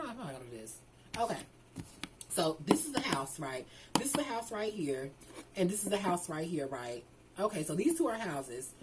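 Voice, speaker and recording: A woman's voice: mid-range voice, darkish tone, a little hiss or hum. A woman telling a casual storytime vlog, sassy and profane, calling her viewers "girl" over and over.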